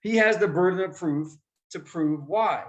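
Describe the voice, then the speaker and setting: A man teaching young students about debate in a lively way, asking them questions and acting out examples. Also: high voice, moderate pace, poor audio. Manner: lively, asks the class questions and acts out examples. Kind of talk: explaining debate skills to children.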